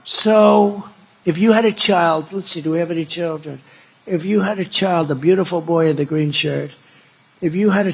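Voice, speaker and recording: A man giving a campaign speech at a rally, rambling and repeating himself, building to loud emphatic declarations. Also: fairly high pitch, breathy edge. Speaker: political speaker at a rally.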